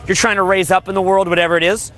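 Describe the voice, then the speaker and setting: Crude fast-talking guy coaching on dating, high voice, a bit of street noise behind. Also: level tone, a bit bright. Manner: brash, crude, riffing, mimics voices. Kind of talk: motivational monologue.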